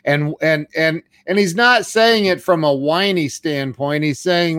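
A male host in casual interview chat who laughs easily and stammers through halting restarts. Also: a little high, fairly bright tone, clear, resonant tone, dry recording, clean studio sound.

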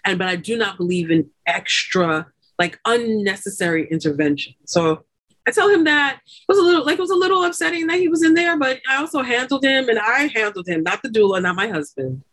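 Animated woman telling a birth story. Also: fairly high pitch, a little fast. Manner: animated, many fillers like "like" and "you know", laughs often. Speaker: doula and lactation consultant guest. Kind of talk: podcast interview storytelling.

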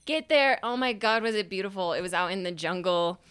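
A young adult woman and podcast host telling a personal story in a casual, animated way, swearing freely and acting out her own past remarks. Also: medium pitch, brisk, clear, resonant tone, dry recording, clean studio sound.

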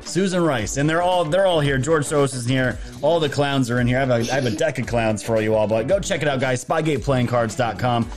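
A man's voice: mid-range voice, fairly quick, hardly any pauses. Male streamer host, loose rambling delivery, casual chat over background music. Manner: rambling, jokey, loose with filler words. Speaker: livestream host. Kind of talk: casual political livestream talk. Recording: music playing underneath.

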